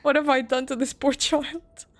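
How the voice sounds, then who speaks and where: A woman's voice: high-pitched, flat delivery, normal speed. A woman playing a video game, reading its lines aloud and reacting with emotional exclamations. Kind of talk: let's play commentary.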